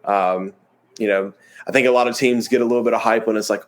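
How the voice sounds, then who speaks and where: A man's voice: fairly low pitch, fairly even intonation, fast. A man co-hosting a college sports review show, talking in an easygoing, chatty way with fillers. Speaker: co-host. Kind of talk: casual sports chat.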